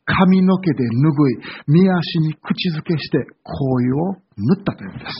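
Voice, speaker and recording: A man with a Kansai accent preaching at a very rapid clip in a high voice. He tells the story with animation and acts out every quoted line. The recording sounds dull and lo-fi. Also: expressive, slightly rough. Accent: Kansai Japanese. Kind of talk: sermon with interpreter.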